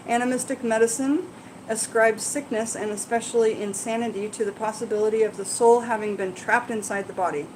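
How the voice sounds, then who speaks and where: A woman's voice: a little high, steady tone, a little fast, noisy background. A woman hosting a casual live Q&A, reading passages aloud and explaining them in a chatty, rambling way with asides to viewers. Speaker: herbalism channel host.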